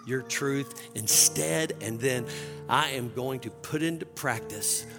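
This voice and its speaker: A man's voice: medium pitch, slow, big-room sound, music in the background. A man preaching a sermon as pastor, earnest and building to impassioned emphasis.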